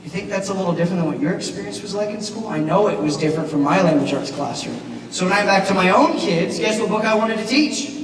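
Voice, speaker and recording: A man giving a keynote speech at a banquet, animated and asking the audience questions. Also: sits high, quick pace, hardly any pauses, crowd noise. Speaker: keynote speaker, teacher. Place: large banquet hall. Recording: echoey hall, mic from far off, noisy.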